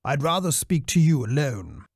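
Stiff posh colonel, clipped and formal, read by a man. Lively pitch. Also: normal speed, gravelly, husky, dry recording, studio quality, exaggerated voice.

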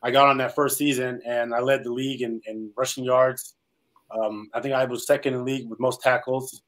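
A man's voice: mid-range voice, little pitch movement, a little fast, a bit bright, poor audio. A man from California, a former pro football player, telling his story as an interview guest, earnest and rambling with many "um"s. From Salinas, California, US.

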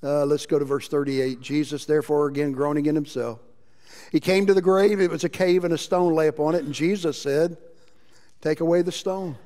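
Man, pastor, passionate sermon, fairly high voice, long church reverb. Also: steady tone, a little fast. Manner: impassioned preaching, shifts between loud emphasis and quiet. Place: church sanctuary.

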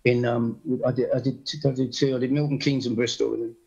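Gravelly comedian telling stories. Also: male voice, medium pitch, brisk, highs cut off, crowd noise. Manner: animated storyteller, frequent impressions, blunt swearing. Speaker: guest comedian. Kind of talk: casual anecdote telling. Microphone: video call.

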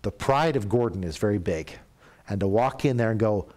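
A man's voice: lowish voice, lively intonation, normal speed. Middle-aged man preaching a sermon. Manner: storytelling, acts out quoted voices, drops to a soft confessional tone. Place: church.

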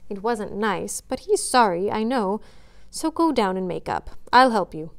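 A woman reading aloud as a spirited, frank teenage girl, brisk and coaxing. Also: medium pitch, sing-song. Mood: blunt.

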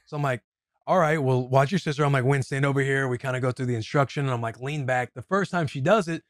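A man's voice: mid-range voice, dry recording, clean studio sound. A man co-hosting a podcast, telling a story in easygoing casual chat. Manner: easygoing storyteller, quick agreeing interjections. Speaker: podcast co-host.

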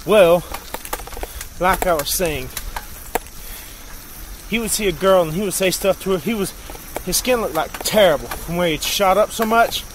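A man's voice: high-pitched, moderate pace, pauses often. A man talking in a crude, rambling, profane way while driving around at night. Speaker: vlogger. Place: in a car outdoors at night. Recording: night insects and road noise behind.

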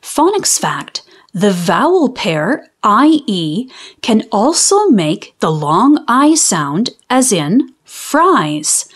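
A woman reading a children's book aloud and explaining phonics in a clear, teacherly way. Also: mid-range voice, very animated, very slow. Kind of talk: read-aloud storytime with phonics lessons.

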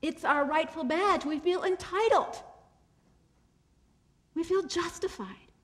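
A woman keynote speaker giving a faith-based motivational talk. She slows down and drops to a soft voice for emphasis, and she repeats key phrases to drive them home. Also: extremely high pitch.

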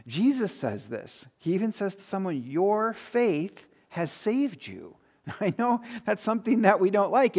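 Chatty pastor with a slightly high voice. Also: male voice. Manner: conversational, many fillers and restarts, chuckles at his own stories. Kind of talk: sermon.

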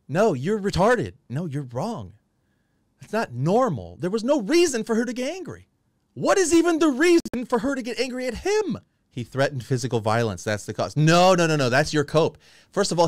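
A man's voice: on the high side, no room sound, clean studio sound. A man hosting a heated stream debate, combative and profane, mocking the other side. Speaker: stream host.

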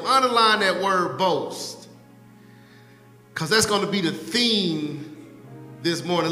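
Pastor guy preaching, kinda high voice, jokes with the folks in the pews, long church echo. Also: lively intonation, bright, forceful tone, faint music behind. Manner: playful, teasing the congregation by name; preaching with drawn-out, rising emphasis on scripture. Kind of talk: sermon. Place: church sanctuary. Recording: echoey church hall with long reverb.

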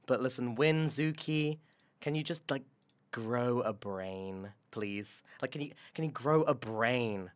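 A man's voice: on the high side, fairly bright tone. A man with a British accent, a streamer talking to his chat in an exasperated, lecturing way. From Britain. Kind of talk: livestream chat with viewers.

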